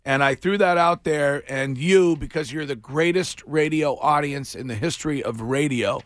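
A man's voice: on the high side, moderate pace, fairly bright tone, dry recording, studio quality. A man hosting a morning radio show, chatting casually and jokily with lots of restarts. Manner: chatty, jokey, trailing fillers and restarts. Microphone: studio microphone.

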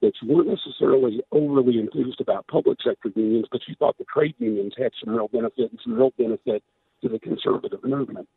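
A man's voice: mid-range voice, lively intonation, fast talker, gravelly, breathy edge, dry recording. A man, a candidate for governor, making his case emphatically in a radio interview while losing his voice. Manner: emphatic, persuasive, with many restarts. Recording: tinny phone line, dry.

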